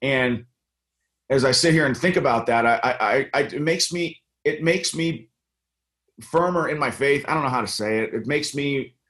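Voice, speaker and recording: A middle-aged man from the United States talks through a casual interview, earnest and full of stops and restarts. His voice sits at an ordinary, middle pitch. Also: moderate pace, a bit bright. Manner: earnest, many fillers and restarts. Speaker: congressional candidate and guest.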